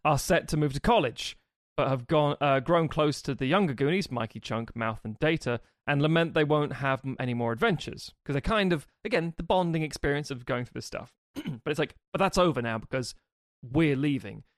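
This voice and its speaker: A man co-hosting a casual podcast, rambling and joking as he pitches ideas. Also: brisk, hardly any pauses, no room sound, clean studio sound. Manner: rambling, jokey, often trails off and restarts. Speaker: podcast co-host.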